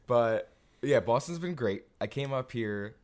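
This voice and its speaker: A man's voice: mid-range voice, lively intonation, a little slow, darkish tone. A young man co-hosting a podcast, laid-back and tired in the morning, telling a story with frequent laughs. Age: young adult. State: tired, just woke up. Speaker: podcast co-host. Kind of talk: casual chat.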